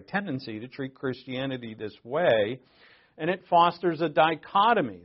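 A man's voice: medium pitch, lo-fi sound. A man giving a sermon in an earnest, conversational way, stopping to restart and then pressing points with sudden emphasis. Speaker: preacher.

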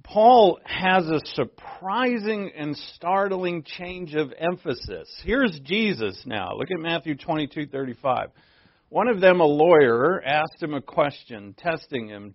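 Gravelly male pastor, conversational sermon. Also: fairly high pitch, lively intonation, a little slow, no room sound, highs cut off. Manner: conversational preaching, asks the congregation questions.

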